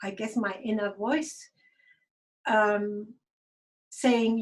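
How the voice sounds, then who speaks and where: A woman telling a personal story to an online group over a video call, halting and hesitant, with many fillers and restarts. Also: a little high, steady tone. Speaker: guest speaker. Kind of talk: personal testimony talk.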